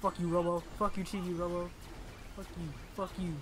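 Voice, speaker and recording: A man commentating his own game playthrough, exasperated and swearing, muttering to himself between loud outbursts at a desk microphone. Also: high-pitched, little pitch movement, a little fast, soft background music. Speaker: gaming channel host. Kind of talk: casual let's play commentary. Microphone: desk microphone by a laptop.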